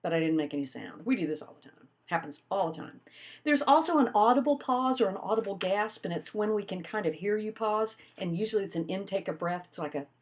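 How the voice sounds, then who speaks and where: An older woman giving a recorded college lecture, teaching in an expressive way with lively emphasis. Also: mid-range voice, fairly quick, a little hiss or hum. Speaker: college instructor.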